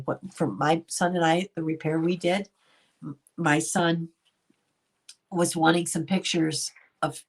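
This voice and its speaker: A middle-aged woman hosting a casual livestream, talking to viewers by name and laughing often. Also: deep voice. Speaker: commentary channel host. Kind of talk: casual livestream commentary reading chat.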